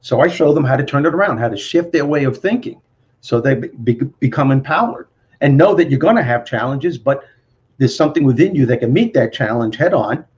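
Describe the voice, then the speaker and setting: A man from Brooklyn with a Brooklyn accent, a guest motivational speaker telling stories in an animated, confident way. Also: medium pitch, highs cut off. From Brooklyn, New York. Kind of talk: interview storytelling.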